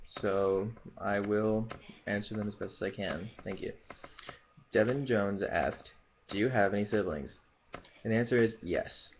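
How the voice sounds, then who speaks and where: In a lo-fi clip with slight hiss or hum, a young adult YouTuber speaks in a lowish voice. Though from Memphis in the Southern US, he has no regional accent, and his casual Q&A vlog wanders, packed with fillers and restarts.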